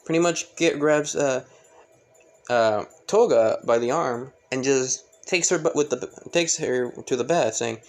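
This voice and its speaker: A man's voice: mid-range voice, measured pace. A man casually narrating a fan story, rambling with many fillers and self-corrections.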